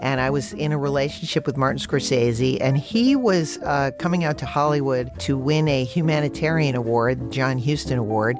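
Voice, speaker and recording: Animated woman telling a personal story. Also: moderate pace, few pauses, over music. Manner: animated, pitch leaps up for emphasis, laughs through lines. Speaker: actor telling an anecdote.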